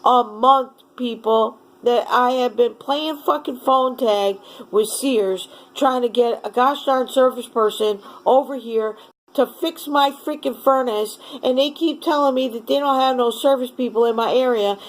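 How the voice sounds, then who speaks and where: A woman's voice: a little high, a little slow, low-quality recording. A woman at home ranting furiously in a vlog, swearing constantly. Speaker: vlogger. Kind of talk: angry rant to camera.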